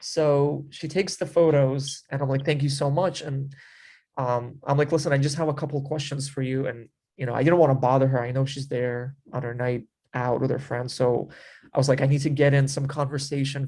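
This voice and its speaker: A man's voice: mid-range voice, level tone, normal speed, darkish tone. A man telling a story in a casual chat. He rambles with many fillers and acts out his own past remarks. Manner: rambling, filler-heavy with frequent 'like' and 'you know'. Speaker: interview guest telling a story.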